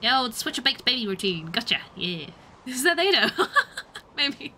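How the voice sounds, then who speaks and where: A woman streamer giving casual gaming commentary, giggly and excitable, often breaking into shrieks. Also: fairly high pitch, measured pace. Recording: noisy stream audio.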